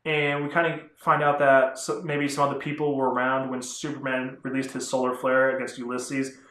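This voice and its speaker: A man's voice: medium pitch, little pitch movement, moderate pace, a bit bright. A man rambling through a casual vlog review of comic books, chatty and often correcting himself. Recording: roomy echo.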